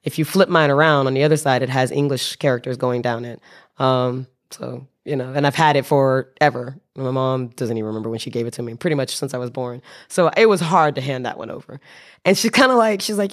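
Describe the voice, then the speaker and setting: Animated young woman telling a story. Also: a bass voice, fast. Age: young adult. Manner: animated, self-correcting, often laughing. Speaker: storyteller in a conversation. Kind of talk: casual anecdote telling.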